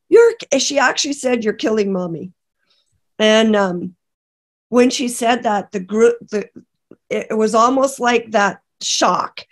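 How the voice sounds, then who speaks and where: A middle-aged woman from Canada, a podcast guest, telling an emotional personal testimony in a halting way with many restarts. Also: medium pitch. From British Columbia, Canada. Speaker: interview guest.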